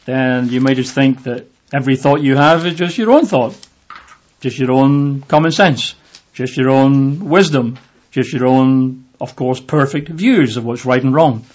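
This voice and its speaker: A man teaching from the Bible in a relaxed, conversational way, with lots of fillers, sometimes acting out the voices in the passage. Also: mid-range voice, unhurried. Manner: conversational, with many fillers, acts out voices in the reading. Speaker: preacher. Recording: dull lo-fi audio.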